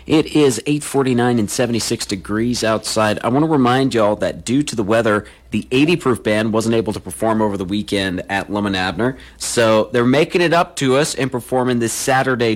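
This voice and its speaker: Casting: male morning radio DJ, folksy and chatty, lower voice. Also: moderate pace, hardly any pauses. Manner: chatty, folksy, reads community notices. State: has the hiccups. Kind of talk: casual radio announcements.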